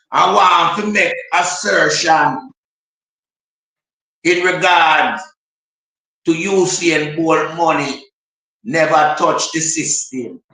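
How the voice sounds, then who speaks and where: A man with a Jamaican accent calling in to argue politics, making his case deliberately in patois. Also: on the high side, bright, forceful tone. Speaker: caller. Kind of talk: call-in political chat. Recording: very echoey, distant line.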